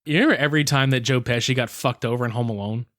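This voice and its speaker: A man's voice: mid-range voice, racing, fairly bright tone, no room sound, studio quality. A man co-hosting a podcast, making sarcastic, profane remarks about a cult movie. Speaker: podcast co-host. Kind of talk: casual movie review chat.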